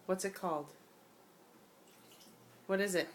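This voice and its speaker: A woman's voice: mid-range voice, steady tone, slow, slight background noise. A mother in her bathroom at bath time, patiently coaxing her toddler to say words, repeating prompts in a sing-song way. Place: home bathroom by the bathtub.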